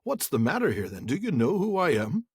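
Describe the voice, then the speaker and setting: A man voicing a merry old man of the forest, loud and jolly, with hearty, rustic sing-song speech. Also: a little high, huge pitch swings, fairly quick, slightly rough, dry recording, studio quality, voice pushed up, full character voice.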